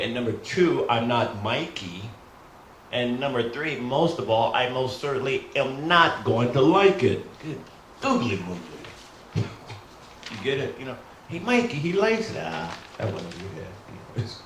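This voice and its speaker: A middle-aged man rehearsing stand-up comedy in a rambling, self-deprecating way, often calling out to the folks. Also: medium pitch. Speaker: new stand-up comic. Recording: roomy echo, faint hum.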